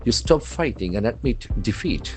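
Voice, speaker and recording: An English language trainer teaches vocabulary from the newspaper, spelling words letter by letter and repeating them for practice. His mid-range voice is very animated at a normal speed, over soft background music.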